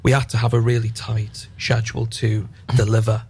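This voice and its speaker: A man, an actor guest on a radio interview, explaining in a measured way. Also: on the low side, monotone, darkish tone, husky.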